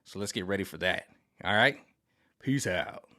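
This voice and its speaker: A man's voice: low-pitched, lively intonation, normal speed, pushed and bright. A man giving a casual tarot card reading to his viewers, talking in a rambling, repetitive and emphatic way with many restarts. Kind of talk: casual spiritual vlog reading.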